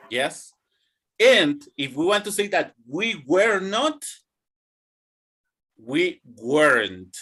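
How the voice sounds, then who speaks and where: Man, teaching English, slow deliberate pace, expressive pitch. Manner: slow, drawn-out teaching with repeat-after-me drills. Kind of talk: online classroom lesson.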